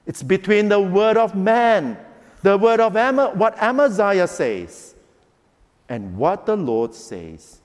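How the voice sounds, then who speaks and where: Animated high-voiced male preacher. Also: takes it slowly, in a large hall. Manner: animated preaching, acting out quotes. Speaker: pastor. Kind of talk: sermon.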